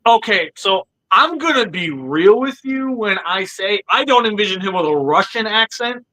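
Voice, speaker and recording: A man hosting a livestream podcast in casual chat, animated and joking, calling his guests by nicknames. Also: sits high, normal speed, low-quality recording. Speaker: podcast host.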